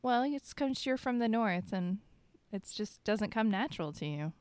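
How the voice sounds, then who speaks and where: A woman's voice: mid-range voice, expressive, normal speed, darkish tone, smooth, dry recording, studio quality. Easygoing, chatty woman podcaster. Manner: easygoing, chatty, laughs easily. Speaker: podcast co-host. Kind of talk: casual chat.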